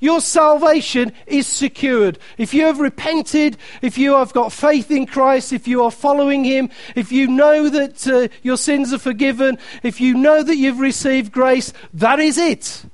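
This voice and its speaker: A man's voice: extremely high pitch, steady tone, unhurried, few pauses, dry recording. A man preaching a sermon, emphatic and repeating key phrases, reading scripture aloud with playful asides to the congregation.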